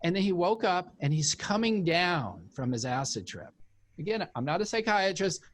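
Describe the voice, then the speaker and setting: A high-voiced man speaking at a normal speed, appearing as a guest on an interview. He's an author and former cult member who shares a personal story in relaxed conversation, animatedly performing the voices of the people involved.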